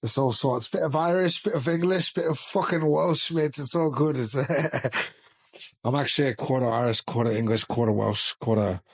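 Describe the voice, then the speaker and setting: A man's voice: mid-range voice, moderate pace, slightly rough, dry recording. An Australian man, a personal trainer, chatting as a podcast guest in a giggly, sweary, playful way. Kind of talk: casual podcast chat.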